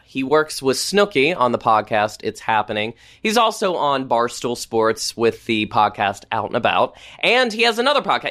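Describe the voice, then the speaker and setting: Brief: chatty male podcast host, lively intonation, introducing clips. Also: medium pitch. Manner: chatty, offhand asides. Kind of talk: scripted introduction.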